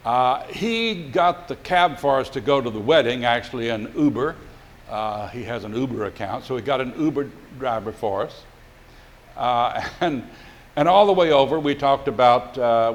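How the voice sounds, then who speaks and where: An older male pastor telling a folksy, rambling story in a sermon, with many fillers and restarts. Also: medium pitch.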